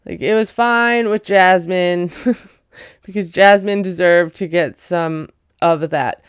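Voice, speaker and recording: A woman's voice: on the low side, slow, clear, resonant tone, dry recording, clean studio sound. A woman giving a casual, wry recap of a reality show, chatty and full of ums and likes.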